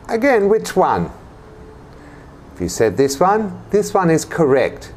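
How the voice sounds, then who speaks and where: A man teaching English vowel sounds with very slow, carefully spaced delivery. His pitch rises and falls a great deal as he models each word. He quizzes the listener and asks them to repeat after him. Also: big pitch swings, darkish tone, a little hiss or hum. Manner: drills words for repetition, quizzes the listener. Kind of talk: slow, clearly enunciated teaching.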